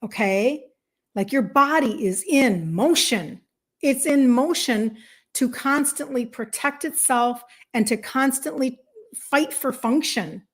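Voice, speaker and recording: A woman's voice: high-pitched, takes it slowly, slightly rough. A woman in her fifties, a health coach talking casually and emphatically to viewers on a live stream, encouraging and faith-tinged, acting out inner voices. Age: 50s.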